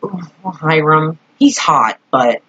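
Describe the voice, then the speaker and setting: Young female vlogger, low husky voice, rambling fan chat, dull lo-fi home recording. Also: slow. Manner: rambling, expressive, swears casually.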